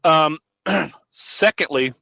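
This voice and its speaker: A man's voice: fairly high pitch, very slow, gravelly, pushed and bright, no room sound, poor audio. A man co-hosting a podcast, chatting casually in a rambling way and often correcting himself. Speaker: podcast co-host. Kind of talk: casual chat.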